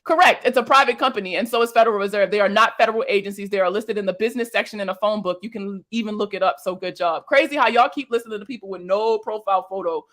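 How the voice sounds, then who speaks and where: A woman's voice: mid-range voice, rapid-fire, few pauses, a bit bright. A young woman, a finance creator, reacting to viewer comments in casual talk, blunt and exasperated, swearing and firing off rhetorical questions.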